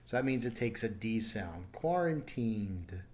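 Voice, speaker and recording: A man teaching English pronunciation in a recorded online lesson, slowly repeating each word clearly and patiently. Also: lowish voice. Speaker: ESL teacher.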